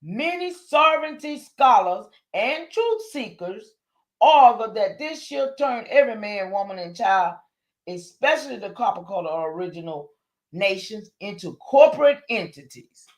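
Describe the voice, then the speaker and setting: A middle-aged woman, hosting a livestream and preaching to her viewers, excitable and calling out to them, breaking into shouts. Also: mid-range voice, measured pace. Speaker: livestream host. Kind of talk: impassioned livestream talk.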